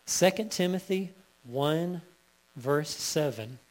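A male pastor preaching a sermon, reading scripture slowly and building to emphatic peaks. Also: fairly high pitch, lively intonation.

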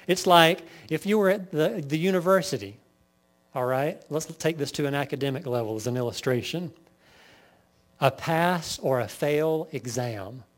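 A man preaching a sermon, firing off lists and rhetorical questions to his congregation. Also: a little high. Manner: lively preaching, lists sins in rapid bursts, rhetorical questions. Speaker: pastor.

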